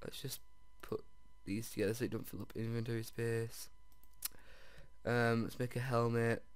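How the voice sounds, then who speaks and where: A man giving let's-play commentary as he plays, excitable, often jumping to squeals over finds and talking straight to his viewers. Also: mid-range voice, normal speed, clear, resonant tone, no room sound. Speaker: video game player.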